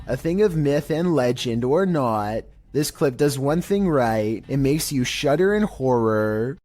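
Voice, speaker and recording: Monotone man narrating scary clips. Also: medium pitch. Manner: monotone, even delivery. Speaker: narrator of a scary video countdown. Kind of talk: scripted narration.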